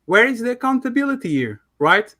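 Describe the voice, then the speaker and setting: Argumentative accented man, high voice. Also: big pitch swings, brisk, bright, forceful tone. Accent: foreign accent. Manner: pressing, argumentative. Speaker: caller.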